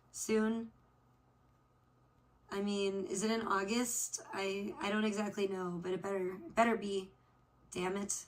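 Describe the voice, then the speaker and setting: A woman hosting a casual livestream chat off camera, rambling to her viewers, swearing freely and trailing off with "I don't know.". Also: medium pitch. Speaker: livestream host. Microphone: off camera, not seen.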